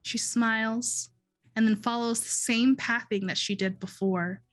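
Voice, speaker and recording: A woman game master narrating a dream sequence slowly and deliberately, in second person. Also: a little high, steady tone, low-quality recording.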